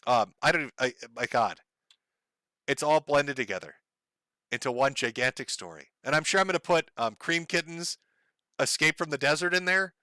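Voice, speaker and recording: On the high side and expressive, this middle-aged man's voice has a sharp tone and moderate pace, captured dry with studio quality. He's live-streaming casual chat, going through donations with profane, wry humor and chuckling at his own jokes.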